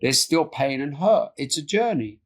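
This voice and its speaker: A man speaking as a podcast guest in an earnest, soft-spoken way, often trailing off and restarting, recorded over a remote call. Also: on the high side, expressive, moderate pace. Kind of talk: reflective interview talk.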